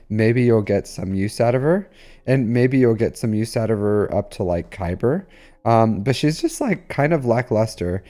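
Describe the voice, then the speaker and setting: A man's voice: mid-range voice, mellow. A man streaming a game live, chatting casually with viewers in a rambling way full of fillers. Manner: rambling, filler-heavy, talks to chat.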